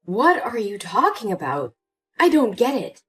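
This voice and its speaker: A woman's voice: fairly high pitch, very animated, unhurried, fairly bright tone, husky, faint music behind, full character voice. Woman voicing a hurt young daughter. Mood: upset. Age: young adult. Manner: pleading and indignant. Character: hurt young adult daughter, pleading and upset. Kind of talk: scripted story voice acting.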